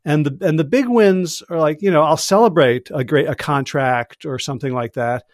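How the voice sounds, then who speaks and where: A man's voice: on the high side, moderate pace, no echo, clean studio sound. A man speaking as a podcast guest and executive coach, chatting casually and reflectively, with frequent chuckles. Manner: reflective, chuckles often, loose storytelling.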